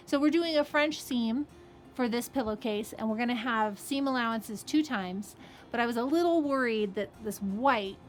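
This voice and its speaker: A woman who runs a fabric shop, explaining a sewing project in a chatty, casual way and checking in with "okay?" as she goes. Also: a little high. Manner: chatty, friendly asides, frequent "okay?" and "right?".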